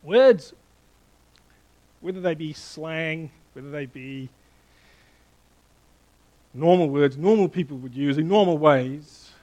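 High-voiced man preaching a sermon. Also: takes it slowly, pauses often, low-quality recording. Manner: animated, playful with the congregation, asking questions. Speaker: pastor.

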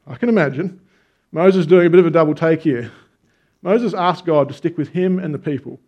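A man's voice: fairly high pitch, a little mellow. A man preaching a conversational sermon, telling stories with emphatic stresses. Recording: dull lo-fi sound.

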